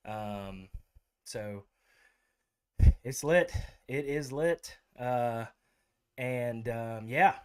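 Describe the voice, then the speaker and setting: A man's voice: mid-range voice, clear, resonant tone. A man hosting a casual livestream chat show, rambling with many fillers. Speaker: host.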